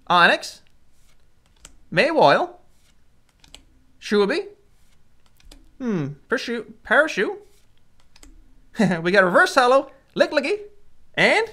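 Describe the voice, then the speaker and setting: Woman host, high and bouncy, calls out cards one by one and gets excitable. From Canada. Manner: excitable, reads card names aloud one by one. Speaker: channel host. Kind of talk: casual card-opening commentary.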